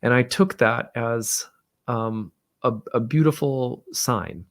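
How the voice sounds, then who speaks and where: A man hosting an astrology talk, telling a personal story in a halting, reflective way. His mid-range voice carries a steady gravelly fry. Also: mid-range voice. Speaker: astrologer host.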